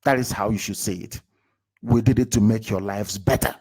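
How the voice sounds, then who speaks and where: Addressing his followers live, this Nigerian-accented movement leader speaks with a husky, steady voice at a moderate pace. His political speech is passionate and emphatic, alternating loud outbursts with quiet asides and peppered with rhetorical questions aimed at listeners.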